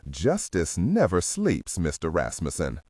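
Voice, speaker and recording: A man voicing a courtly, formal FBI agent with a Southern drawl, speaking slowly in a low, husky voice. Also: huge pitch swings, darkish tone, dry recording, studio quality, full character voice.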